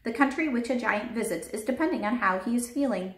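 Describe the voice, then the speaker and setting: A woman's voice: on the high side, expressive, quick pace, a bit bright, voice pushed up. A woman voicing a big, friendly male giant who bumbles through made-up words with a folksy lilt, read aloud in a roomy space. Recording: roomy echo.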